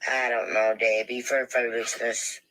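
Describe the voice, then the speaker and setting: A man's voice: medium pitch, flat delivery, a little slow, bright, forceful tone, poor audio. A man chatting casually on a live stream in plain, colloquial speech, reading out viewer comments and thanking viewers. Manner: plain-spoken, colloquial grammar. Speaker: livestreamer.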